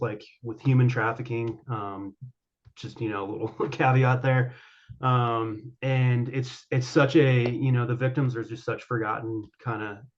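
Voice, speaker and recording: A man's voice: lowish voice, lo-fi sound. A man being interviewed as an author guest, answering at length with many fillers and restarts. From Colorado.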